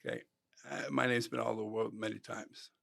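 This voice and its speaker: A man in his sixties, a former football player, telling animated stories in a podcast interview and acting out the voices of people he quotes. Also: fairly low pitch, fast talker, creaky. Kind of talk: storytelling interview.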